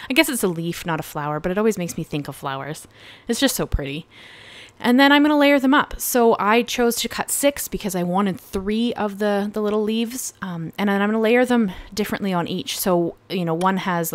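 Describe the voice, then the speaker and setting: A woman narrating a card-making tutorial in a casual, rambling voice-over, correcting herself often. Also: lowish voice. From Canada. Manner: chatty, rambling, with fillers and self-corrections.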